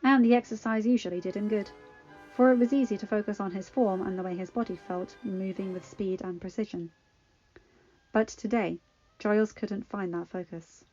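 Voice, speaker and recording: Woman reading a story aloud, muffled lo-fi sound, soft music behind. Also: mid-range voice. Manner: measured, expressive narration. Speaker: fanfiction reader. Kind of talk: audiobook-style story reading. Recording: dull lo-fi recording. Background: faint music.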